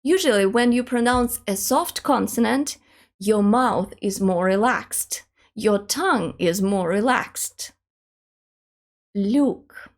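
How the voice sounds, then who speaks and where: A woman teaching an online language lesson, demonstrating pronunciation slowly and carefully. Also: medium pitch.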